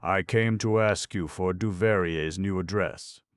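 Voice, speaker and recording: A man's voice: low voice, measured pace, smooth, no echo, studio quality, voice pushed up. A man voicing an impatient, businesslike young man who insists curtly.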